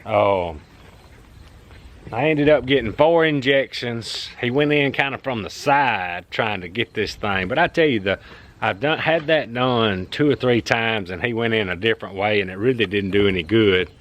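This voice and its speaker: A man's voice: lowish voice, moderate pace, a bit bright. A man, talking casually to camera about his farm work in a plain-spoken, folksy way. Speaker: farmer vlogger. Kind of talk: casual vlog talk to camera. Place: in a truck on rural roads. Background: car and engine noise.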